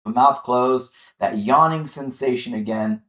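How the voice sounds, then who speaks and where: A man leading a chair yoga class, calmly guiding the listener through breathing and gentle movement. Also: medium pitch, measured pace, roomy sound. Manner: calm, encouraging, guiding the breath step by step. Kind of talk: guided exercise instruction.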